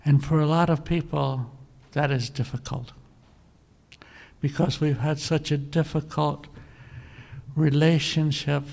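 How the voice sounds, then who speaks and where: A male preacher giving a sermon, telling a scripture story earnestly and often clearing his throat. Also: fairly high pitch, measured pace, pauses often. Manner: earnest storytelling, animated when quoting scripture.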